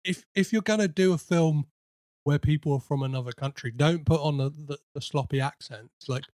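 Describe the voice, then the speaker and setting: A man hosts a casual film podcast. His voice sits a little high, and he stops and restarts often. The sound is dry and close to the mic. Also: darkish tone, dry recording. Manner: halting, full of fillers and restarts. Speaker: podcast host.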